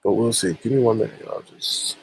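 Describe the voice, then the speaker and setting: A man's voice: fairly low pitch, fairly even intonation, brisk, a little hiss or hum, poor audio. A man hosting a casual livestream, greeting viewers by name, his voice run through a voice modulator. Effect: voice modulator with a swooshing sound. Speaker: livestream host.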